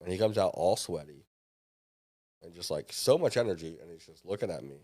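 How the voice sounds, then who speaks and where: A man's voice: low-pitched, animated, fairly quick, warm tone. A man in his thirties, a podcast guest, telling a story casually and acting out the dialogue.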